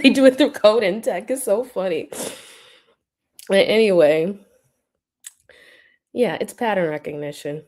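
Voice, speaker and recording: A woman's voice: a little high, animated, measured pace, long pauses, a little mellow. A woman hosting a casual livestream, answering her chat with teasing remarks and frequent laughter. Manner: laughs often, teasing and mocking.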